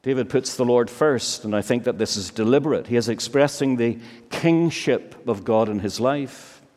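A man preaching a sermon, slow and emphatic, with many searching rhetorical questions. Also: medium pitch, darkish tone. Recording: long reverb of a large hall.

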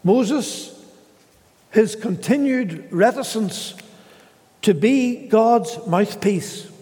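A man preaching a sermon in a slow, measured way, pausing often and voicing the scripture quotes he reads. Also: high-pitched, animated, dark tone, in a large hall.

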